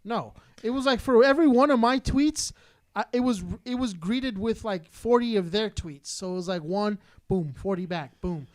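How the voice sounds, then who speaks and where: A Southern California man co-hosts a podcast, launching into a heated, rambling, profane rant. His voice sits high and he speaks at a normal speed.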